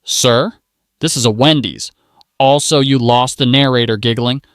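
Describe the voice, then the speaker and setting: A man's voice: mid-range voice, unhurried, fairly bright tone, smooth, dry recording. A man reading a scripted, mocking commentary narration full of punchlines, close to the mic. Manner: mocking, punchline-driven delivery.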